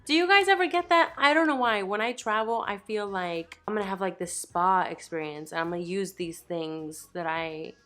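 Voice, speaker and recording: A beauty YouTuber chats casually in her vlog, a bubbly young woman who rambles, laughs, and jokes about herself. Her voice is fairly low in pitch with a fairly bright tone.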